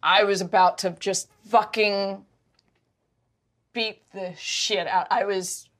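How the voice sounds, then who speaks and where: A woman's voice: medium pitch, slow. Name: -. Sex: woman. Style: emotional storytelling, many restarts. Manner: emotional, animated, frequent restarts. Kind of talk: casual personal storytelling.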